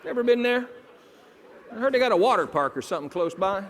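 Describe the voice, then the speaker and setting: A keynote speaker tells comedic stories to an audience, animatedly acting out the voices of the people in them. His voice is high-pitched and quick, with slight background noise and a long hall reverb.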